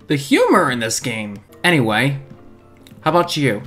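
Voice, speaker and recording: A man's voice: medium pitch, huge pitch swings, moderate pace, sharp tone, soft background music. Jokey man commentating a video game. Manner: jokey, sarcastic, prone to yelps and laughs. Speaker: let's-play gamer.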